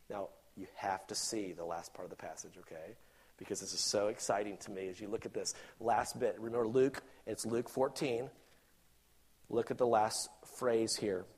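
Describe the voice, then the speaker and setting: A man preaching a sermon with passion, rising to loud emphatic peaks and dropping to quiet asides, acting out imagined objectors. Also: medium pitch, slightly rough. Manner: acts out imagined objectors in quoted voices.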